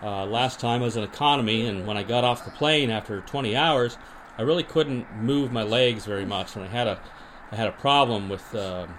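A man hosting a podcast, deadpan and rambling with many restarts, in an improvised comedy monologue and mock interview. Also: mid-range voice, a little fast, slight background noise. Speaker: podcast host.

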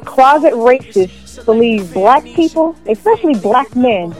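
Profane, fired-up woman with a high voice. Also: lively intonation, unhurried, darkish tone, soft background music, rough recording. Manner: profane, emphatic, repeats questions. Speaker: commentator. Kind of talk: angry opinion rant.

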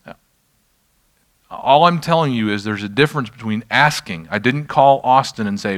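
A man's voice: medium pitch, moderate pace, fairly bright tone. A middle-aged man preaching a sermon, telling stories in a conversational way and adding self-deprecating asides as he leads a healing ministry. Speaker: pastor leading a healing ministry.

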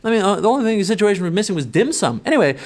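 A man's voice: high-pitched, very animated, very fast, darkish tone. A young adult man, a stand-up comedian, telling a profane, rambling comic anecdote full of "like" fillers. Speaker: stand-up comedian, podcast guest.

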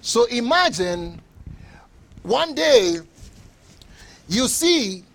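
A man preaching a sermon with emphatic delivery, repeating phrases and bursting into shouts. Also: very high voice, big pitch swings, extremely slow.

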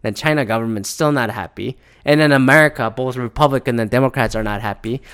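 A man's voice: mid-range voice, fast talker, fairly bright tone, clear, resonant tone. A man in a heated, profane casual rant, often mimicking other people in mocking voices. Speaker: commentator. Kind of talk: ranting casual commentary.

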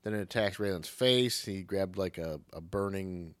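A man with a lowish voice runs through a movie plot in loose, profane podcast chatter. He jokes as he goes. The sound is close and dry, with no room around it. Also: moderate pace, fairly bright tone, dry recording. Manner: profane, jokey, slips into mocking voices. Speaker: podcast co-host. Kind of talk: casual movie recap chat.

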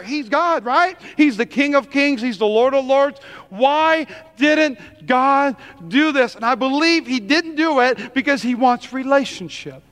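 A pastor preaching a sermon in church, emphatic and repetitive, calling out to the congregation. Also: male voice, very high voice, normal speed, fairly bright tone.

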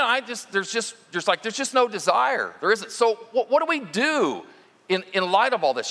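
Bright-voiced male preacher in a reverberant hall. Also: high-pitched. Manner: conversational preaching with storytelling. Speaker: lead minister. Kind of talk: sermon.

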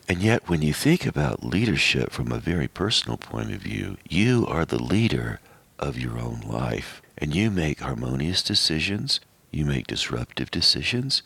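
A man hosting a radio show, speaking in a slow, measured, reflective way. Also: rumbling low, vocal fry, fairly bright tone, slightly rough, no room sound.

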